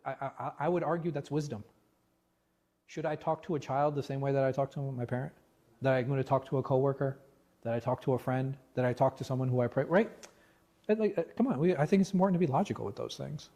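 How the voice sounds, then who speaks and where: A man leading a religious class discussion as imam, animated and full of rhetorical questions, often restarting his words. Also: medium pitch, quick pace. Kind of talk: interactive religious class talk. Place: mosque class room.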